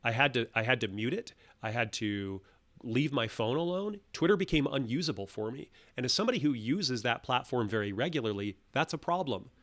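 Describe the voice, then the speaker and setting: A man hosting his own channel, giving solo commentary in an animated, emphatic way, full of restarts. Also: medium pitch, a little fast. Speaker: channel host.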